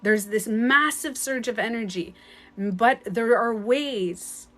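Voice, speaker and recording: A woman's voice: on the high side, slow pace, fairly bright tone. A woman with a light French accent, talking casually on a live stream as a spiritual coach, chatty and rambling, often laughing. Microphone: phone.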